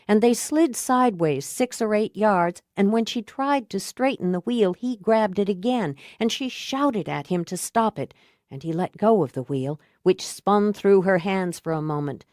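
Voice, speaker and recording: A woman narrating a suspense audiobook, reading in a measured, even way. She takes her time, with an unhurried pace and a lowish voice. The recording is close and dry. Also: no room sound. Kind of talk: scripted narration.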